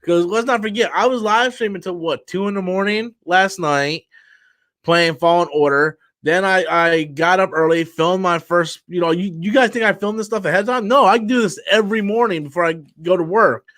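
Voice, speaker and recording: A man's voice: high-pitched, normal speed, a bit bright, no room sound. A tired man hosting a live stream, ranting bluntly and profanely in a loose, rambling casual way.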